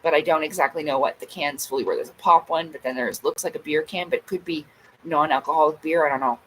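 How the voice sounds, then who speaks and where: A woman's voice: low-pitched, steady tone, fast talker, poor audio. Agitated woman venting, faint noise behind. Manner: agitated, swearing, reenacting her own quotes. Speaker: vlogger. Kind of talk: casual ranting vlog.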